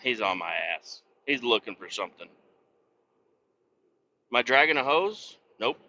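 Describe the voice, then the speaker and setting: Profane rambling man, bright tense voice. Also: mid-range voice, very animated, slow, slight background noise. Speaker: podcast host. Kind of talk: casual rant while driving. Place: inside a moving truck on the highway. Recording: dull lo-fi sound.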